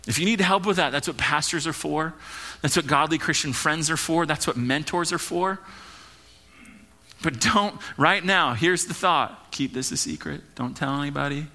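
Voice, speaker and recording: A man preaching from the pulpit, his voice pitched a little high and ringing with a sharp, bright edge. He presses his points hard, then suddenly drops to a hushed, low line to let them land. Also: a little slow. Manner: earnest preaching, swings between loud urging and hushed low lines. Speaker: pastor. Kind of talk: sermon.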